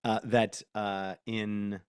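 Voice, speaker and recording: A man's voice: on the low side, flat delivery, drawn-out words, clean tone, no echo, clean studio sound. A man hosting a casual live workshop, talking in a chatty, self-mocking way while dictating prompts aloud. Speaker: host.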